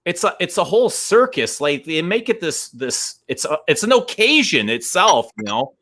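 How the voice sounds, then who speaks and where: A man's voice: high voice, big pitch swings, moderate pace, bright, forceful tone. A middle-aged Canadian man with a Canadian accent, co-hosting a stream in casual, rambling chat with many restarts. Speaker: stream co-host.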